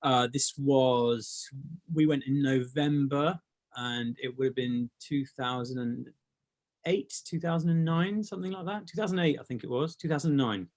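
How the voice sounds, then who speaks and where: A man with a medium-pitched voice tells stories about his past in a relaxed interview. He rambles, restarts phrases and swears casually as he goes. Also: moderate pace. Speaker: brand founder, guest.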